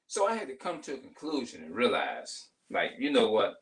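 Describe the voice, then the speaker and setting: A man's voice: medium pitch, wildly swooping pitch, fairly quick, recorded from a distance, poor audio. A man in his forties talking passionately to camera in a casual vlog monologue, emphatic, often restarting his sentences. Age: 40s. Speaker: vlogger.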